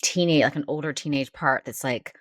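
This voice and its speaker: A woman podcast host talking through her inner parts in a halting, searching way, close to tears. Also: deep voice, dry recording. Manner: halting, searching, many restarts. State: near tears. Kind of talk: reflective therapy conversation.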